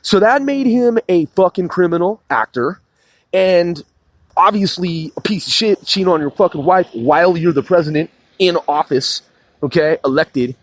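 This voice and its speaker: A man's voice: high voice, expressive, normal speed, no echo. A man on a heated political rant, swearing constantly, repeating and restarting his sentences.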